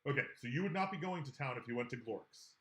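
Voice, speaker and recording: A man running a tabletop game as game master, animated and swearing freely. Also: mid-range voice, echoey room. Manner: animated, swearing, quick to laugh.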